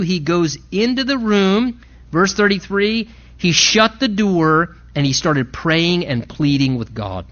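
A man preaching a sermon, impassioned and rising in pitch and volume to stress his points. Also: sharp tone, muffled recording. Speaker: pastor.

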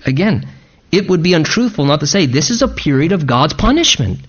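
High-voiced emphatic preacher, man. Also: very animated, fairly quick, slightly rough, dull audio. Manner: emphatic preaching, rising intensity on key phrases. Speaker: pastor. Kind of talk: sermon.

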